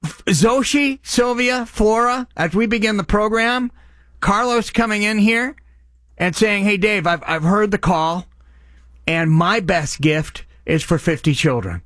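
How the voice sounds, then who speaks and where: A middle-aged man hosting a live radio charity appeal, eagerly thanking callers by name and stumbling over his words when excited. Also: sits high, unhurried, dry recording, studio quality. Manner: excitable, names donors with loud bursts of enthusiasm; stutters and restarts when excited. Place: radio studio.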